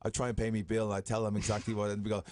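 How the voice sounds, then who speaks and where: Fast-talking Irish man, low voice. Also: completely flat delivery, darkish tone, no room sound. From Ireland. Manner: chatty, self-mocking storyteller. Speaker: guest wrestler. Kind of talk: casual interview chat. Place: radio studio.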